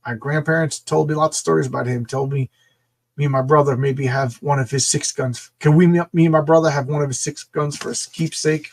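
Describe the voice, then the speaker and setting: An eager young boy from the Old West pleads and asks wide-eyed, as a man puts him on while reading a comic aloud. His voice sits a little high and sounds husky. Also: fairly even intonation, brisk.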